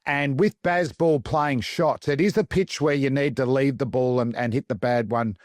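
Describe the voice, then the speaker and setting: A middle-aged Australian man, a former fast bowler, telling cricket stories on a podcast and acting out the quotes with laughs. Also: medium pitch, dry recording, clean studio sound. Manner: animated storyteller, acts out quotes in other voices, laughs often. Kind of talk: casual anecdote-telling chat.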